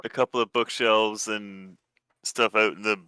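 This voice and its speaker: Male game master, low-ish, very bright crisp voice, dry close mic, relaxed hesitant delivery. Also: a little slow, dry recording. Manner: relaxed, hesitant descriptions with many fillers. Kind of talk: narrating a tabletop game over voice chat.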